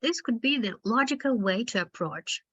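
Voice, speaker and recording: Woman teacher trainer, slightly high voice, explanatory webinar delivery over a dull video-call line. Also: lively intonation, normal speed, a bit bright, husky. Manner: explanatory, addresses listeners as dear teachers. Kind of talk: online webinar lecture.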